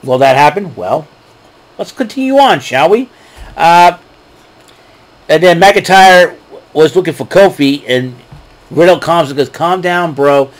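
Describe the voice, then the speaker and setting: A man's voice: fairly high pitch, lively intonation, unhurried, long pauses. A man casually recapping wrestling events, rambling with fillers and chuckling at his own jokes. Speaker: wrestling show recap host. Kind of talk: casual solo recap talk.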